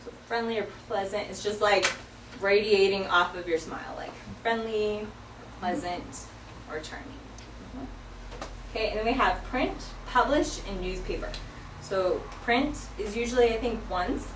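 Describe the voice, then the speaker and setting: A woman's voice: medium pitch, moderate pace, slight background noise. A woman teaching a sign language vocabulary lesson in a classroom, explaining each sign patiently, step by step, with many fillers. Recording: echoey classroom from far off.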